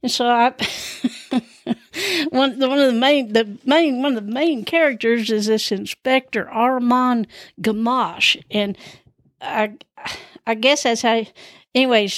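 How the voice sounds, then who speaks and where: A woman's voice: on the high side, takes it slowly, no echo, studio quality. A woman hosting her own show, telling rambling personal stories in a chatty, meandering, self-deprecating way. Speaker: podcast host.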